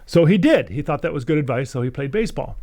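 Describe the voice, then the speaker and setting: Animated storytelling male coach. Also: a little high, fast. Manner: animated, chuckles often between phrases. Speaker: mental skills coach. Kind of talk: casual storytelling.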